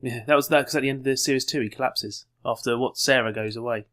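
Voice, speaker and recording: A man co-hosting a podcast, chatting casually in a quick, sarcastic way. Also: medium pitch, fairly even intonation, a bit bright. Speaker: podcast co-host. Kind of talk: casual review chat.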